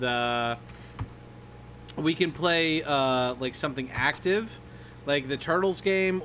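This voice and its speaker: A man's voice: fairly high pitch, a bit bright, slight background noise. A young man streaming, chatting casually and rambling about movies with lots of swearing and laughter. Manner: rambling, profane, laughs a lot, scats and imitates movie lines. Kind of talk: casual livestream chat.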